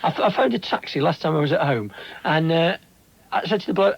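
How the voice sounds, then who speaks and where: Male host, husky, bouncy pitch, teasing banter, dull TV sound. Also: animated, fairly quick, dry recording. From England. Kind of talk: casual chat. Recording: dull TV broadcast audio.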